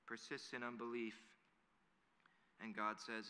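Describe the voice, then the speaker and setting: Bright-voiced preacher in an echoing hall. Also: male voice, medium pitch, steady tone, normal speed. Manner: earnest, building to emphatic preaching. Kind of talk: sermon. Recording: long hall reverb.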